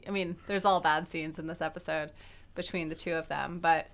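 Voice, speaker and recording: Low-voiced woman musing with fillers. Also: steady tone, brisk. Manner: thinks aloud with many fillers and restarts. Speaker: podcast co-host. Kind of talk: casual analytical chat.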